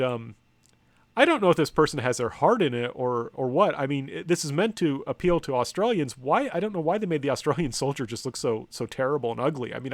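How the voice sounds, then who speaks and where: An American man lectures from slides in a conversational way, full of ums, restarts, self-corrections, and wry asides. His voice is mid-range with vocal fry, and the recording is dry.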